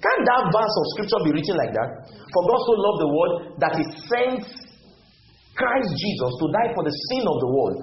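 Lively-voiced pastor preaching. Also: male voice, high voice, moderate pace. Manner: emphatic, questioning the congregation. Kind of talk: sermon. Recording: roomy, dull church recording.

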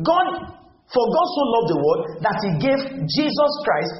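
A man's voice: very high voice, big pitch swings, normal speed, slight background noise. A man preaching a sermon as pastor, emphatic and often questioning his congregation. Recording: roomy, dull church recording.

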